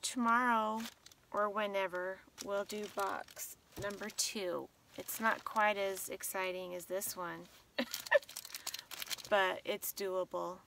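A woman's voice: medium pitch, steady tone, slow pace, vocal fry, a bit bright, recorded from a distance, a little hiss or hum. A tired woman vlogger chatting casually at night, half asleep and rambling as she shows her things. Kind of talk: casual late-night vlog chat.

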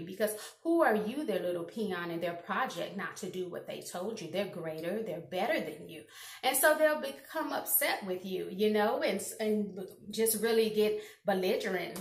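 Give me an earnest woman vlogger giving advice, recorded in a roomy space. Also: medium pitch. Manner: earnest, rambling with restarts. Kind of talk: casual advice talk to camera. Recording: roomy echo.

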